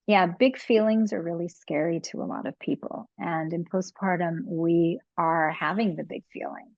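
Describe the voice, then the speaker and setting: An earnest woman speaks reflectively about motherhood, leaning on repeated phrases to drive her points home. Her voice is a little low with a gravelly edge. The sound is dry and slightly dull. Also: steady tone, normal speed, dry recording. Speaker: podcast guest on motherhood and postpartum. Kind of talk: reflective conversational advice.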